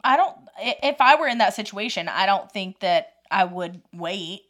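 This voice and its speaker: A woman's voice: medium pitch, expressive, moderate pace, fairly bright tone. A woman podcast co-host reading myths and facts off a list, with short dry reactions. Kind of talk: casual chat, reading out facts.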